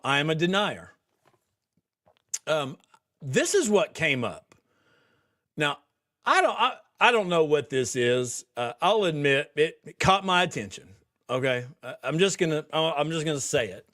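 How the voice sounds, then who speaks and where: With a fairly high, slightly bright voice and lively intonation, this man speaks at an unhurried pace. He's a podcast host on a livestream, reading viewer comments and chatting with the audience in a loose, rambling fashion, often laughing and starting sentences over.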